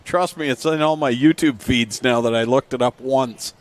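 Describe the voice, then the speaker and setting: A male race commentator calls a live race at an outdoor speedway, covering flags, restarts and battles while laughing easily with his partner. His voice is mid-range and his pace moderate.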